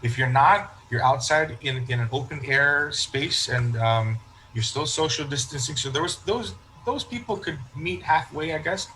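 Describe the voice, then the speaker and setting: A man's voice: on the high side, lively intonation, moderate pace, pushed and bright, slight background noise, low-quality recording. A man, a parish priest, talking in a casual interview and telling stories that he acts out with quoted remarks and frequent restarts.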